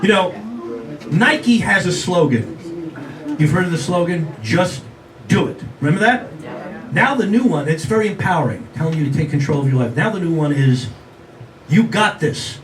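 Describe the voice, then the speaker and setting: A man's voice: on the high side, lively intonation, a little fast, slight background noise. A man in his sixties performing a self-mocking stand-up comedy set, talking straight to the audience. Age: 60s. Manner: self-mocking, conversational, addresses the audience directly. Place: live venue with audience. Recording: roomy live sound from a distance, audible crowd ambience.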